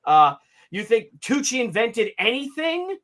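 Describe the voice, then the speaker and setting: A man in his fifties hosting a casual livestream, ranting in an animated, sarcastic and profane way. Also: very high-pitched, measured pace. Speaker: comic artist hosting a livestream.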